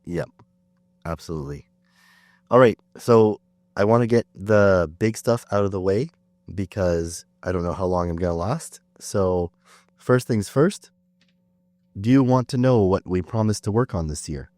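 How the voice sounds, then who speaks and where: A Canadian man hosting a casual podcast while sick, chatting in a relaxed, self-deprecating way with plenty of fillers. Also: low voice, unhurried, no room sound. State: sick, under the weather. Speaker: podcast host. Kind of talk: casual chat.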